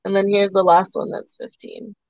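A woman runs a live online sale, talking in a loose, chatty way with many "like"s and "um"s. Her voice sits at an ordinary pitch and sounds close and dry. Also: level tone, normal speed, gravelly, darkish tone, dry recording, dull audio. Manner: chatty, full of "like" and "um" fillers. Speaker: live auction seller. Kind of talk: casual live-stream sales chat.

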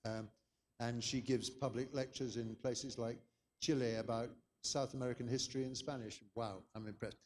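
A man's voice: mid-range voice, fairly even intonation, moderate pace, long reverb tail, slight background noise. An older man from England, giving a chatty, anecdotal conference lecture. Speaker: keynote speaker.

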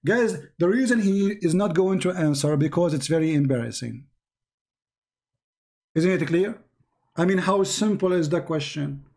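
Hoarse, combative man yelling at a caller. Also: sits high. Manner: shouting, repetitive, combative. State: hoarse, losing his voice. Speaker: livestream debate host. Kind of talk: heated call-in debate.

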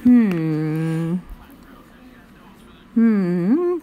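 A woman's voice: mid-range voice, expressive, very slow, long pauses, mellow. A woman vlogger giving goofy, sing-song commentary while playing a driving game. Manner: silly, giggly, sing-song rambling.

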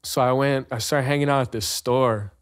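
A man's voice: mid-range voice, steady tone, moderate pace, clean tone, no room sound, clean studio sound. A man from Hawaii with a Hawaiian accent, chatting casually as a podcast guest, laid-back and slangy, laughing often. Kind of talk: casual chat.

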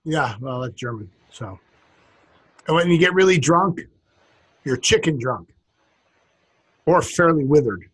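A man's voice: on the high side, expressive, unhurried, long pauses, husky. A man co-hosting a casual comedy podcast, reading out funny sayings with a chuckle. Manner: reads out funny sayings, chuckling, jumps into silly put-on voices. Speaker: podcast co-host.

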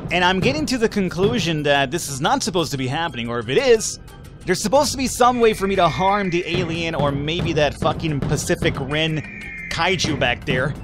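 A man giving casual, excitable gameplay commentary, swearing often and sounding bemused by what he sees. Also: fairly high pitch. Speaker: let's play gamer. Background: game music.

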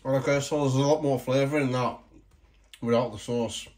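A man chatting casually as he tries food on camera, in an everyday mid-range voice. He is relaxed and pokes fun at himself. He keeps stopping to clear his throat. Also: medium pitch, moderate pace. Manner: relaxed, chatty and self-mocking. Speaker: food vlogger. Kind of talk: casual taste-test commentary.

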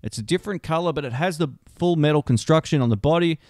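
A man's voice: fairly high pitch, fast talker, a little mellow, no echo. A man, casually explaining and reviewing a microphone in a home studio, speaking close into a handheld dynamic mic. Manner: chatty, explanatory, conversational asides. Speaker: tech reviewer.

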